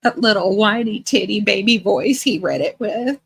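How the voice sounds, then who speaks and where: A woman's voice: mid-range voice, lively intonation, unhurried, creaky, breathy edge, no echo. Chatty woman streamer, dry sound. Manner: chatty, greets viewers by name, laughs often. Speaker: livestream host. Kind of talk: casual livestream chat.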